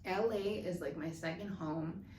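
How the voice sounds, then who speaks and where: A woman's voice: on the low side, unhurried, a little mellow. A young woman from the southwestern United States telling a story in casual chat, with many fillers. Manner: chatty, filler-heavy storytelling. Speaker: vlogger. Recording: echoey room, faint noise.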